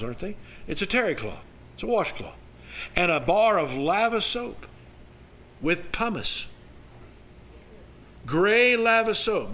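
A man's voice: high voice, bright, forceful tone, a little hiss or hum, poor audio. Older man preaching a folksy sermon. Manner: folksy storytelling with emphatic rises. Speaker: pastor.

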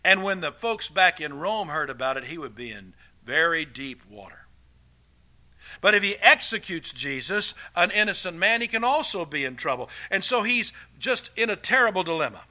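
A man preaching a sermon, his voice bright, sharp and forceful. He pitches a little above the usual male range and swings between loud, emphatic declarations and quiet, hushed passages. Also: sing-song, normal speed.

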